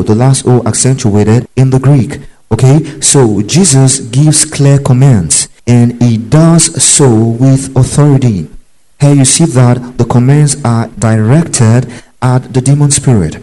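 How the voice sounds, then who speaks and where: A man delivers a sermon-style Bible teaching, emphatic and repetitive, checking in with his listeners as he goes. His mid-range voice is mellow, though the audio is poor.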